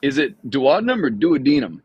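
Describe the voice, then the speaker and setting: A man hosts a science livestream, talking fast in a slightly husky voice. His rambling chat is full of laughs and restarts. The sound is dry and close, with almost no room echo. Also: medium pitch, big pitch swings, muffled recording. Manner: quick, rambling talk with frequent laughs and restarts. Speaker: host of a mushroom science channel.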